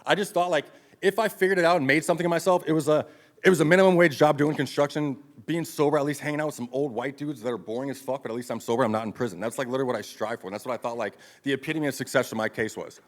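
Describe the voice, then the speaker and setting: A man in his thirties speaks at a brisk, rushing clip in a mid-range voice, delivering a live motivational talk. He recounts his life plainly and bluntly, swearing freely as he goes. His delivery is confessional and direct. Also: mid-range voice. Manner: blunt, profane, confessional storytelling. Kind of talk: live motivational speech, personal story. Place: event stage before an audience.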